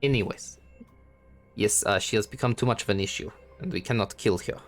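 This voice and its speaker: A man's voice: fairly low pitch, brisk, faint music behind, close to an everyday voice. A man putting on a curt Russian-accented official. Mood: cold, dismissive. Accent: Russian, put on. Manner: blunt, dismissive, clipped orders.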